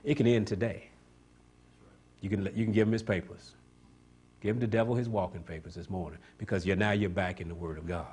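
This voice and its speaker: A man's voice: on the low side, steady tone, fairly quick, pauses often, darkish tone, breathy edge. A man preaching a sermon, pushing each point up into emphatic, rising climaxes and drawing call-and-response from the congregation. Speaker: pastor.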